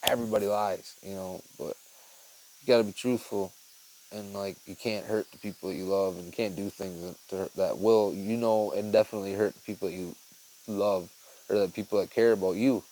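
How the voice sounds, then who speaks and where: A man's voice: on the low side, steady tone, fairly quick, mellow, slight background noise, low-quality recording. A young man hosting his own podcast, talking in a rambling, profane, heartfelt way with lots of fillers. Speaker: podcast host. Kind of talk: casual monologue.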